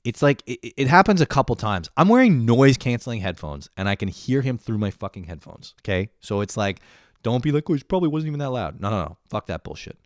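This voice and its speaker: A man's voice: lowish voice, big pitch swings, fairly quick, no echo, studio quality. A young man in a profane comedic rant, swearing constantly and sounding exasperated as he complains. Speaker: comedic vlogger.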